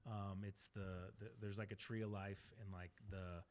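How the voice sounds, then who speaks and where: A man's voice: sits low, little pitch movement, normal speed, darkish tone. A man co-hosting a casual podcast, thinking aloud and often restarting his sentences. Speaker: podcast co-host. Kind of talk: casual chat.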